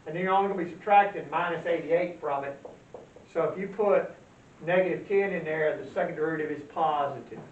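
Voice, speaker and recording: High-voiced man lecturing in an echoey classroom. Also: fairly quick. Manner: folksy, quizzes the class and answers himself. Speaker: math teacher. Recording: roomy, distant, dull lo-fi sound with faint hiss.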